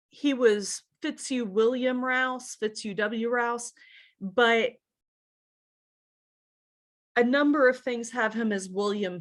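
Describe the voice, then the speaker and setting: A woman's voice: a little high, a bit bright. A woman from Virginia's Shenandoah Valley giving a casual genealogy lesson, chatty and hesitant, spelling out names letter by letter. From central Shenandoah Valley, Virginia. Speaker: genealogy instructor.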